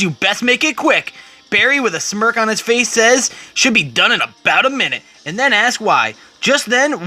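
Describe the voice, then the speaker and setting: A man's voice: high-pitched, bright, forceful tone. A man retelling a comic book story as a dramatic reading, quoting the characters along the way.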